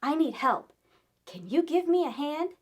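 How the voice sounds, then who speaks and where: Storybook skeleton lad, eager and bright-voiced, high with big swoops , read by a woman. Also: measured pace. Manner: eager, excitable, exclaiming. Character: cheerful young male Halloween skeleton.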